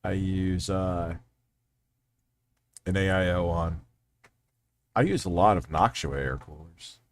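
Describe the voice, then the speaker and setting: A man's voice: low-pitched, takes it slowly. A man hosting a casual livestream, rambling and swearing freely while reading out chat messages. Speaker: livestream host.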